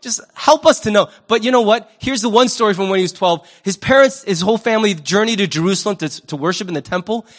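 A male pastor preaching a sermon in an animated, humorous, conversational way. He asks the audience questions and acts out quick voices. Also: high-pitched.

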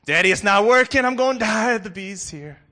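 A man voicing a panicked little boy who pleads loudly with his father. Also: animated, normal speed. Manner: frantic high wailing pleas.

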